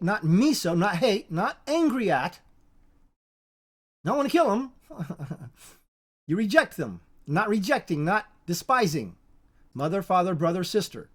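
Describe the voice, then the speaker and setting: Neither high nor low, this Bible teacher's middling voice comes out in a halting, repetitive way. Teaching informally, he restarts words and keeps circling back to hammer home each point.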